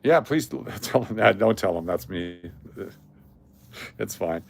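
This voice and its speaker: Fairly low-pitched, expressive, and creaky, this man's voice moves at a slow pace. He hosts a casual live stream with coin giveaways, chatty and repetitive, calling out viewers by name as he hands out prizes.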